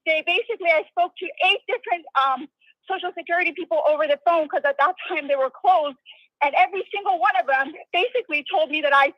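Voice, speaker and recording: Hesitant high-voiced woman caller on phone. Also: fast, dry recording. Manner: hesitant and grateful, many ums. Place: outdoors on a main street. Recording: dry phone line.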